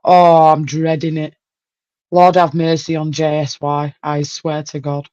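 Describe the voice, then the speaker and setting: A woman's voice: deep voice, little pitch movement, measured pace, darkish tone, no room sound, dull audio. Chatty woman hosting. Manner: chatty, exclaims and laughs often. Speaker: livestream host. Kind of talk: casual chat.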